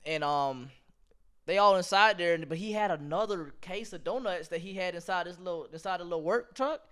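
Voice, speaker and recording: A man's voice: high-pitched, brisk, fairly bright tone, clean tone. A young man co-hosting a faith podcast, telling stories in a slangy, laid-back way and laughing as he talks. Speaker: podcast co-host. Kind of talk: casual storytelling chat.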